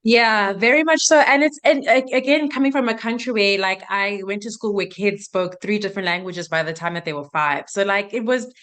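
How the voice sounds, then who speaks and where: A woman's voice: mid-range voice, a little fast, few pauses, a bit bright. A young adult woman from South Africa, an actress and guest on a podcast, talking chattily and filling her speech with "like". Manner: chatty, uses "like" a lot. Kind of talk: casual interview chat.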